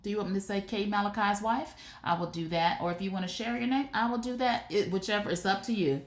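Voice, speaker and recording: A woman hosting a live shopping stream, talking to her viewers in a chatty, animated way. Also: medium pitch, fast talker. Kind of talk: casual live stream product chat. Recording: roomy echo.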